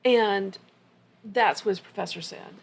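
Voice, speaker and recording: A woman's voice: medium pitch, unhurried, gravelly, crowd noise. A middle-aged woman co-hosting a podcast, telling stories in a casual, anecdotal way. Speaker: podcast co-host. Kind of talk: casual conversation.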